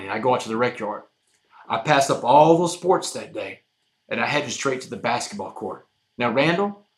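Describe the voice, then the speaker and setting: Man telling a story in a roomy room. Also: mid-range voice. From Texas, USA. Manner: animated, addresses the host often, says "man" a lot. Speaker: guest. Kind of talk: dramatic personal storytelling. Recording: roomy echo.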